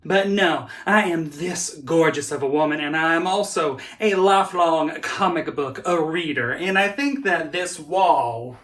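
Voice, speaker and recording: A man in drag as a drag queen, hosting a comedic vlog from his home office in a sassy, theatrical manner that swoops up into high exclamations. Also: measured pace, hardly any pauses, fairly bright tone. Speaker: drag queen comic vlogger. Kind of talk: campy comedic vlog monologue.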